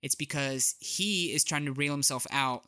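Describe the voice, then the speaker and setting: Brief: chatty male co-host, bright voice, dry close sound. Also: mid-range voice, normal speed, no room sound. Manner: chatty, lots of "like" and "uh". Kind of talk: casual chat.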